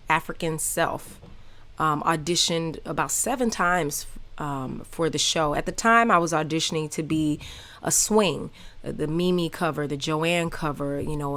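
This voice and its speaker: A woman in her thirties with a Southern American accent hosts her own podcast and tells stories from her life. Her voice sits a little low, and she talks candidly and with energy, full of fillers and asides. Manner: candid, animated, many fillers. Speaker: podcast host. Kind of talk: casual personal storytelling.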